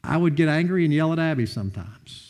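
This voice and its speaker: A man sharing a personal testimony, earnest and heartfelt, often quoting others with lively bursts of emphasis. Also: a little high, quick pace. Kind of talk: heartfelt storytelling talk.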